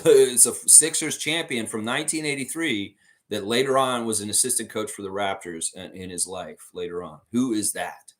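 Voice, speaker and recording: Animated American man hosting a trivia stream. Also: on the low side. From United States. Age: middle-aged. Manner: animated, reads chat comments aloud, laughs often. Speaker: trivia livestream host. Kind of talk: casual live-stream trivia chat.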